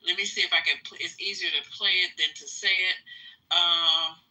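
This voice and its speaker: Man, livestream host, bright edgy tone, reads aloud haltingly, lots of ums and uhs. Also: sits high, level tone, rough recording. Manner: halting reading with frequent fillers; blunt, profane banter with callers. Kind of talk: casual livestream, reading an article aloud.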